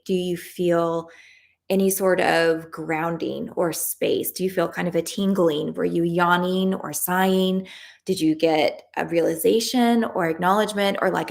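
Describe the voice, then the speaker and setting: Casting: low, gravelly woman, soothing tapping-session guide, warmly affirming. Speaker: EFT tapping practitioner leading a live session. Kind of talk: guided tapping script, then reading live chat. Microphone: livestream camera mic.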